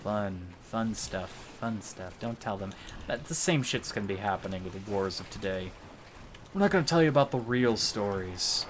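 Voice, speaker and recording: Bright-voiced joking American streamer man. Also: lowish voice, slight background noise. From United States. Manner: joking, rambling, laughs often, swears casually. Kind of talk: casual gaming livestream chat.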